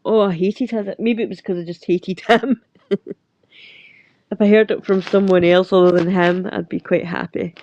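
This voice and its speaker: A woman's voice: medium pitch, steady tone, moderate pace, darkish tone, dry recording. A middle-aged Scottish woman hosting a casual livestream chat, rambling with lots of fillers and frequent laughs. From Scotland. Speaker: livestream host. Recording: dull lo-fi sound.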